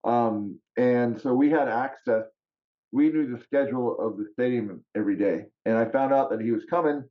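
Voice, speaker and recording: Podcast guest, man, animated storyteller, middle pitch, slightly muffled lo-fi sound. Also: moderate pace. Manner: animated, laughs often, acts out quotes. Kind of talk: casual storytelling.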